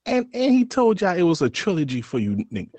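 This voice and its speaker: A man co-hosting a casual podcast, ranting with big swings into loud sing-song outbursts. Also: high-pitched, huge pitch swings, fast talker, no echo. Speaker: podcast co-host.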